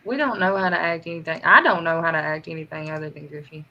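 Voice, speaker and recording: A woman's voice: sits low, quick pace, pushed and bright, lo-fi sound. A woman hosting a casual group livestream chat over a video call, goofy and laughing. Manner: goofy, laughing, sings a little jingle. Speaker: livestream host.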